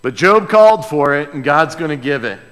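A male pastor preaching a sermon in a church, emphatic and dramatic, dropping to quiet asides and then rising to loud outbursts. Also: fairly high pitch, lively intonation, normal speed. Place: church sanctuary with a sound booth. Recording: long reverb in a large hall.

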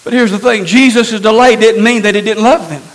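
A man's voice: high voice, fairly quick, rough recording. A man preaching a sermon to his congregation, teaching in an emphatic way and asking rhetorical questions. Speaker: pastor.

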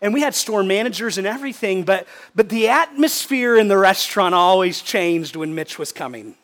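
High-voiced man preaching a sermon. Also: expressive, moderate pace, fairly bright tone. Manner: emphatic, repeats words for stress. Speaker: pastor.

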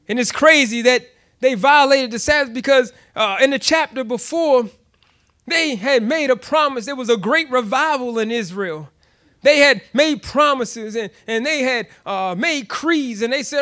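A man preaching a sermon, telling a personal story with frequent laughter and animated, repeated restarts. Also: very high-pitched. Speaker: pastor.

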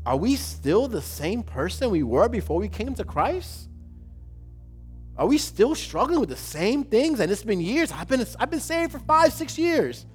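A male pastor delivering a sermon with a fairly high voice, driving his points home through repeated phrases that swell into loud, emphatic questions. Soft music plays faintly underneath. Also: sing-song, measured pace.

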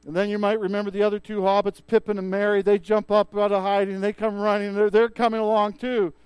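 Man preaching a sermon, lively storytelling, smooth resonant voice, higher pitch. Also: fast talker, dry recording. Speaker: pastor.

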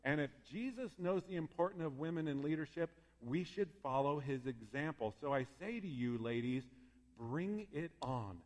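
A male pastor giving a sermon in a lively, conversational way, with asides and fired-up moments. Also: on the high side, a little fast, hardly any pauses. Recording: long reverb in a hall.

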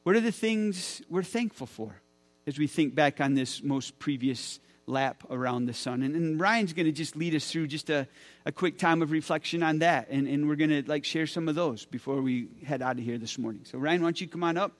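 A man's voice: on the high side, moderate pace. A man in his forties, a pastor speaking to his church, enthusiastic and often repeating words as he talks. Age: 40s. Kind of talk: church sermon talk. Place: church sanctuary.

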